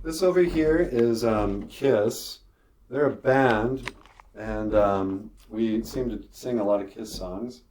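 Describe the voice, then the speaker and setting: A cartoonist with an Ojibwe reservation accent, giving a casual, rambling studio tour with jokes and lots of fillers. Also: male voice, on the low side, takes it slowly, a little mellow, slight background noise. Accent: Ojibwe reservation English. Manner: rambling, joking, with many fillers. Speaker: show creator and cartoonist.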